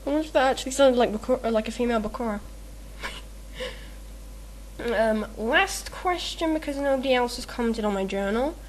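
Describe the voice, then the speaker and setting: A woman's voice: on the high side, fairly quick, a little hiss or hum. A woman rambling through a questionnaire in casual chat, giggly and self-mocking, with lots of ums and uhs. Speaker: video maker answering a meme questionnaire.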